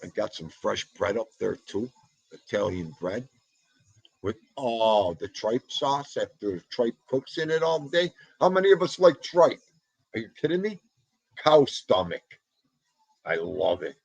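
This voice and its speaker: New York male host, husky, slow easygoing delivery, lively pitch swings, dry close mic, reading chat names. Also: no echo, low-quality recording. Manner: chatty, shouts out viewers by name, jokey. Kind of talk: casual livestream chat.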